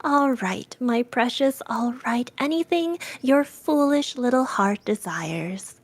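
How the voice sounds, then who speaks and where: A woman voicing a brisk, good-humored young groom in a storybook reading. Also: a little high, very animated.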